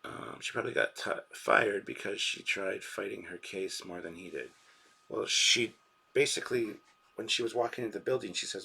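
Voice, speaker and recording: A man's voice: fairly low pitch, normal speed, creaky, bright, forceful tone, husky. A man hosting a live reaction stream, rambling casually and reading out viewers' chat messages and donations.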